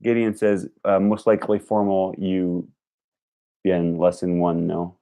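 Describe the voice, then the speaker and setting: A young man streams live in a relaxed, unhurried way, his voice low and mellow. He repeats practice phrases aloud and chats with viewers between them. He corrects his own slips as he goes. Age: young adult. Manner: laughs at own jokes, self-correcting. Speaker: language learning streamer. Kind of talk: casual live stream chat.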